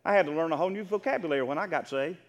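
A man's voice: a little high, rapid-fire, big-room sound. A male preacher, delivering an emphatic, fervent sermon and calling out to his congregation for responses. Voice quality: emphatic, rising to fervent shouts. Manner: call-and-response, exhorting the congregation.

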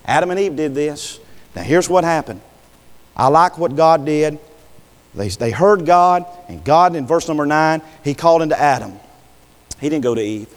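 Male preacher, slightly high voice, folksy sermon with plenty of "Amen" and rhetorical questions, long hall reverb. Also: expressive, normal speed.

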